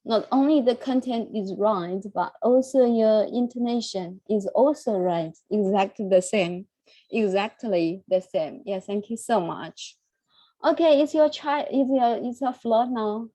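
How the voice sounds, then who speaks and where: A woman's voice: on the high side, dry recording, low-quality recording. A woman leading an English recitation group on a video call, praising and coaching the learners. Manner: warm praise, repeats words, some pauses. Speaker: English reading group leader. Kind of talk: encouraging recitation practice.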